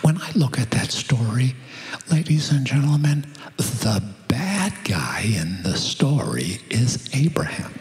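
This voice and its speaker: A male preacher giving a sermon in an animated, conversational storytelling manner. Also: medium pitch, slow, in a large hall, faint music behind.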